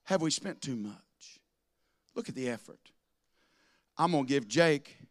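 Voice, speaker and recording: A man preaching a sermon to a congregation, swinging from loud declarations to soft asides. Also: medium pitch, animated, unhurried. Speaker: pastor. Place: church with a congregation.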